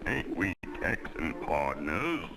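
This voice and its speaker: A man doing a deep gravelly longhorn bull, gruff cowpoke drawl, slow, old cartoon track with music. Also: very animated, heavily acted, poor audio. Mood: indignant.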